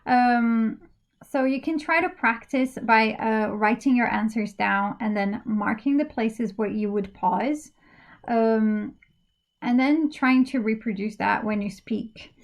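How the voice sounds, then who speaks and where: A woman with a fairly high voice teaches an English speaking-exam lesson slowly. She walks through the practice steps patiently, one at a time, with frequent ums and uhs.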